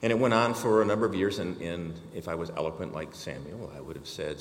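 A man's voice: low-pitched, quick pace, hardly any pauses, reverberant, big-room sound, a little hiss or hum. An older man giving a personal testimony to a church congregation, telling his story and acting out the dialogue.

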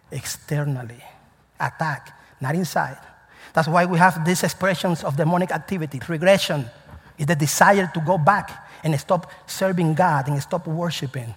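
Husky high-voiced preacher in a reverberant hall. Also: male voice. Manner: call-and-response questions to the congregation. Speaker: pastor. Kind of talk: sermon.

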